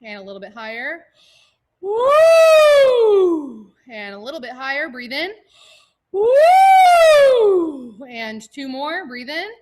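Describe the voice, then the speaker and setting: A woman's voice: on the high side, fairly quick, few pauses, pushed and bright, slight background noise. Chatty, joking woman leading choir class. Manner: casual, joking, chatty with many fillers. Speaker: choir warm-up leader. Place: home, online video class.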